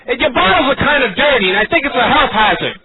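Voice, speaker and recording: A man's voice: very high-pitched, animated, fast talker. A man putting on an aggravated, foul-mouthed beer customer in a prank phone call, blustering and stammering. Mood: indignant. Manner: blustering, swearing, stammering restarts. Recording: tinny phone line with loud crowd noise.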